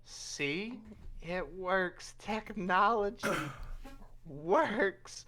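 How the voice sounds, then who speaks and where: A man voicing an eccentric, excitable male inventor who shows off his robot, in a rushed, squeaky manner. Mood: eager.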